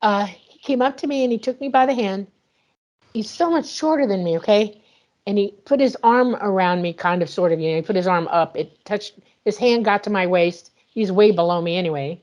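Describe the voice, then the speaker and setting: A woman guest in an interview, retelling a personal experience in an animated way and acting out the dialogue. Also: mid-range voice, a little fast. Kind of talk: emotional personal storytelling.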